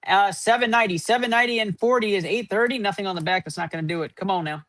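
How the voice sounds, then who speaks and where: A man's voice: sits high, rapid-fire, fairly bright tone, no room sound. A man hosting a live card-opening stream, rattling off running point totals and hyping up each pull. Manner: running tally of numbers, upbeat hype. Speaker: host.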